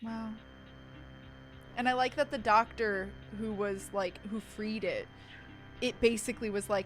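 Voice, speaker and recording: A woman's voice: medium pitch, steady tone, unhurried, pauses often, rough recording. A young adult woman streamer who reads aloud dramatically, then chats casually, gushing and swearing freely. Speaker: streamer reading aloud to chat. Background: background music.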